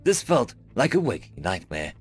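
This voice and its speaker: A man narrating a first-person science fiction story in a measured storytelling manner. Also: fairly low pitch, wildly swooping pitch, husky. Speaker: audiobook narrator. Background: faint background music.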